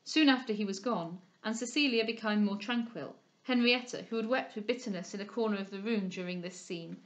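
A medium-pitched woman reads a classic novel aloud as an audiobook narrator, telling the story in an expressive, measured way.

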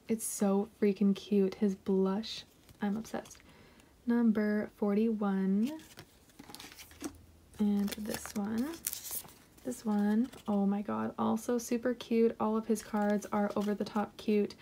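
A woman vlogger opening mail and chatting casually, gushing with excitement and gasping over each item. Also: medium pitch, a little hiss or hum. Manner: gushing, excited, with gasps and soft asides. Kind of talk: casual unboxing chat.

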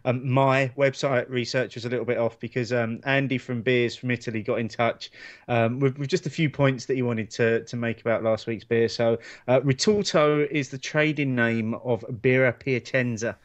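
A man's voice: medium pitch, fairly even intonation, moderate pace, dull audio. A man co-hosts a laid-back beer podcast, chatting in a self-deprecating way. His voice sits in an ordinary middle range for a man. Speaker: podcast co-host. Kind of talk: casual chat.

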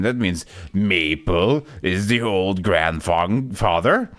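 A man playing a game for a video, joking sarcastically and jumping into sudden loud, high yelps. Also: sing-song, takes it slowly. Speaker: gaming YouTuber. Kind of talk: let's play commentary.

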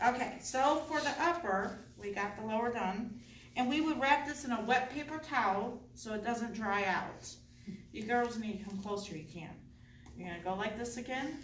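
A woman teaching a hands-on dental class, chatty and encouraging with quick asides. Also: on the high side, background noise. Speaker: dental assisting instructor. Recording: echoey room, voice from far off.

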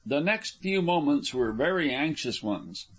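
Man reading an audiobook, higher voice. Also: very animated, measured pace. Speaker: audiobook narrator. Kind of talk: scripted narration.

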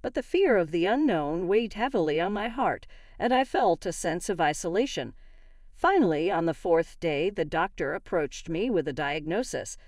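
A woman's voice: fairly low pitch, lively intonation, moderate pace, a little mellow, no room sound, clean studio sound. A young woman narrating her own story in the first person with earnest, dramatic storytelling.

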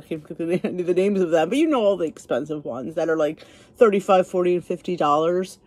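A woman's voice: medium pitch, darkish tone. A middle-aged woman vlogging in her home kitchen, chatting casually and rambling with frequent asides. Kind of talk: casual chat.

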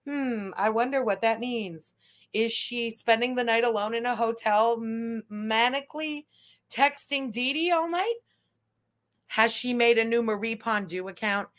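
Woman reacting live, high bright voice, swears freely, mocks and laughs a lot. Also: unhurried. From Quebec. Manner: profane, mocking, laughs often. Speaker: YouTube commentator.

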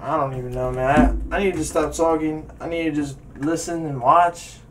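A man's voice: on the high side, fairly even intonation, normal speed, distant mic, slight background noise. A man hosting a music reaction video, talking casually and rambling with hyped energy. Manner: hyped, rambling, talks over the song. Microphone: webcam.

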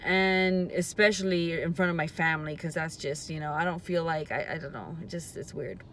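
A woman's voice: sits low, steady tone, moderate pace, fairly bright tone, slight background noise. A woman vlogging from a parked car. She is emotional and close to tears, and she talks hesitantly, rambling and trailing off. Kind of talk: casual confessional vlog. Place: parked car in a parking lot.

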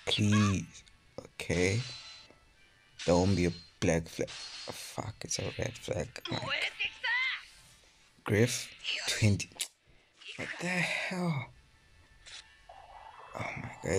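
A man's voice: deep voice, creaky. A young man doing casual gaming vlog commentary, frustrated, swearing a lot and dropping into whispers. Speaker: mobile game YouTuber.

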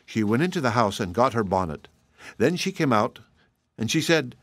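A man reading a traditional children's story aloud, in a measured way that slows gently for effect. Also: medium pitch, big pitch swings, no echo, clean studio sound.

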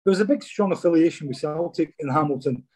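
Scottish man, dark husky voice, chatty storyteller. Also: on the high side, fast. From Scotland. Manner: chatty, says "mate" a lot. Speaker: guest, former footballer. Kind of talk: casual storytelling interview.

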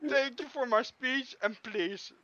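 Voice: high voice, pushed and bright, no room sound, muffled recording. A speaker giving an improvised comic talk, rambling and laughing mid-sentence. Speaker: improv game player.

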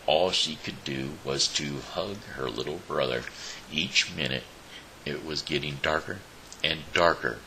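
Man, show host, storybook reading, slow, restarts, deep voice, gravelly. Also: sharp tone, slight background noise, poor audio. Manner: slow, with small slips and restarts.

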